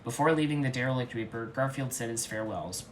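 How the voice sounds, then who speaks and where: A man reads fan fiction aloud with a deadpan, earnest delivery, straight-faced throughout. His voice sits at a middle pitch, with a faint hiss of noise underneath. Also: fast talker, low-quality recording. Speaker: reader.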